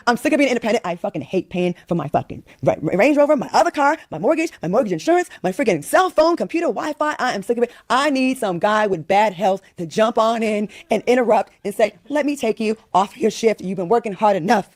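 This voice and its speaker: A woman's voice: fairly high pitch, lively intonation, fast, few pauses, no echo, studio quality. A woman in her fifties from the United States, venting with exasperated emphasis as a guest on a talk show. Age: 50s.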